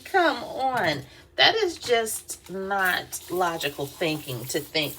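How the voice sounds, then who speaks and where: A woman's voice: mid-range voice, big pitch swings, very slow, bright, forceful tone, slight background noise. A woman vlogger, telling a work story in a casual, chatty way, with lots of fillers and laughs. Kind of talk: casual storytelling while doing her hair.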